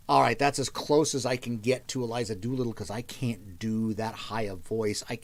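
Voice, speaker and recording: A man's voice: lowish voice, steady tone, moderate pace, few pauses. A man hosting a livestream, chatting casually with viewers, thinking aloud and thanking them often. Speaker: livestream host reading requests aloud.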